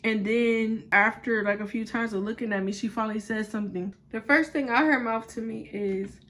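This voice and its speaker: Blunt, animated young woman telling a story. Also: a little high, moderate pace. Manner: animated, blunt, heavy swearing. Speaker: vlogger. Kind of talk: casual storytime vlog.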